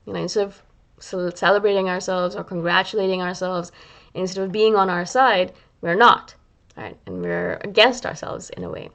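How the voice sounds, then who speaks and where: A woman's voice: on the low side, normal speed, creaky. Chatty woman vlogger talking to camera. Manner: chatty, animated, acts out inner voices; frequent "right?" and "you know" fillers. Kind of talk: casual talk to camera.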